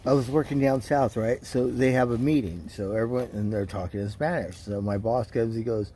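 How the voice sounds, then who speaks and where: A man's voice: medium pitch, steady tone, a little fast, hardly any pauses, dark tone, a little hiss or hum. A man casually chatting with his stream viewers, telling rambling, profane stories. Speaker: livestream host.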